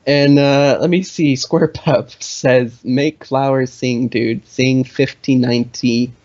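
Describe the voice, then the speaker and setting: A man's voice: mid-range voice, steady tone, slow, darkish tone, muffled recording. A man casually hosting a live stream, reading viewer comments aloud and joking around. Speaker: live stream host answering chat.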